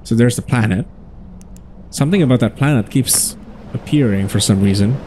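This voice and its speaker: A man chats casually through a let's-play, musing and wondering aloud at each new discovery. His voice is soft and mellow, neither high nor low. A faint hum of noise sits under the recording. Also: normal speed. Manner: musing, chatty, thinks aloud. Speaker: gaming channel host.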